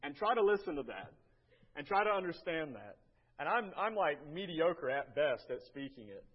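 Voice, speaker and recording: An American man gives a slideshow talk to a church group in a folksy, halting way, often stumbling over and repeating words. His voice sits a little high, and the recording is muffled and lo-fi. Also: very animated. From United States. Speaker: church mission trip presenter.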